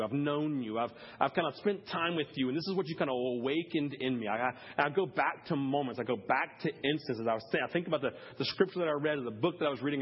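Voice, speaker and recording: Pastor, male, slightly higher voice with a husky edge, casual sermon delivery that drops low then bursts loud, dull lo-fi audio. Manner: conversational preaching, swings from hushed to loud; many fillers like "like" and "listen".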